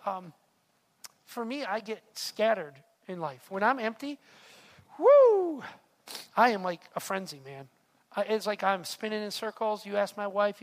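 A man's voice: high-pitched, fairly bright tone. A man preaching a sermon in an earnest, confessional way, often repeating words as he speaks to the room. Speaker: pastor. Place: church hall. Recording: long hall reverb.

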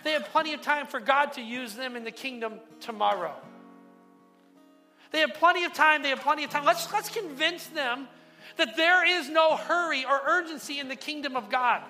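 A man voicing a small, sly male imp who coaxes with a quiet suggestion. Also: very high-pitched, normal speed, soft background music, voice pushed up, heavily acted. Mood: wheedling. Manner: wheedling, coaxing, repetitive.

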